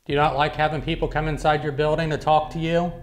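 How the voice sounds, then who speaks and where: A man investigating an abandoned building alone at night, talking to camera and calling out to spirits in a hushed, jumpy way. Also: a little high, level tone, fast talker, a little hiss or hum, low-quality recording. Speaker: paranormal investigator. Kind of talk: solo ghost-hunt narration to camera.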